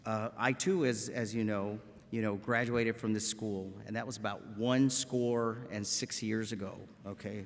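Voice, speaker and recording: A man in his fifties from the Rio Grande Valley in South Texas, speaking with a South Texas accent at medium pitch and a moderate pace, with slight background noise. He's a medical school professor giving a folksy, joking commencement address, often tossing in a questioning "okay?". The graduation takes place in a large auditorium, and the recording is echoey with long reverb.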